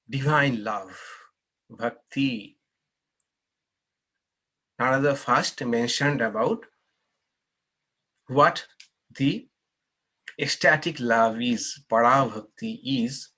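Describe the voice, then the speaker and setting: Monk guy teaching scripture class, slow n patient, bright tone. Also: medium pitch. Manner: patient, explanatory, invites corrections. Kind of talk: unhurried scripture class talk with Q&A.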